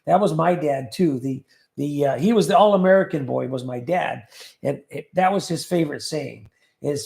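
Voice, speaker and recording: A man's voice: on the high side, moderate pace, vocal fry, darkish tone, echoey room. A man hosting a casual livestream, reading viewer comments aloud and joking about them. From California. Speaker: livestream host reading chat.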